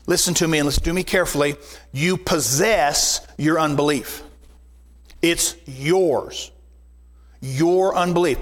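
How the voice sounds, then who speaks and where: A man's voice: on the high side, moderate pace, a bit bright, in a large hall. A man preaching as pastor, emphatic, repeating key phrases and reading scripture aloud. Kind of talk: sermon. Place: church sanctuary.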